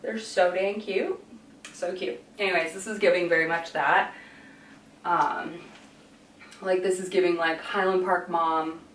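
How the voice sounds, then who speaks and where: A woman's voice: fairly low pitch, steady tone, a little slow, long pauses, a bit bright, recorded from a distance, a little hiss or hum. A young woman chatting casually in a fashion vlog, rambling and going off on tangents. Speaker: fashion vlogger. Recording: echoey room, voice a bit off-mic.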